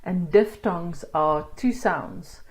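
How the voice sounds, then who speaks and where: A woman's voice: fairly low pitch, slow. A woman teaching an online language lesson, explaining step by step in a patient, encouraging way. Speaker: Afrikaans teacher.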